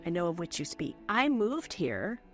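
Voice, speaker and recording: A woman's voice: fairly low pitch, very animated, normal speed, soft background music. A middle-aged woman from California hosting a podcast, talking in an earnest, chatty way with lots of fillers. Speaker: podcast host. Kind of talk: casual chat with guests.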